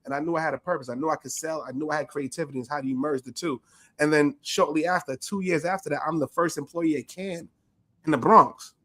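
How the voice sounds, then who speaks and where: A man co-hosting a podcast, telling a story in a lively, animated way, full of laughter, slang and swearing. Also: fairly high pitch, fast. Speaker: podcast co-host. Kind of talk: casual storytelling chat.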